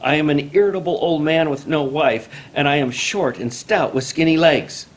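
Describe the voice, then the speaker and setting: A man's voice: on the high side, moderate pace, voice pushed up, natural voice. A man voicing an irritable old male water bug, short and stout, who pleads and turns bitter. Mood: pleading. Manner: pleading, then bitter and angry.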